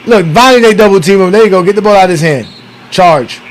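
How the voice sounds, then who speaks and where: A man hosting a casual watch-along, giving excitable, profane, trash-talking commentary on an old basketball game. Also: high-pitched, quick pace, slight background noise. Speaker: podcast host.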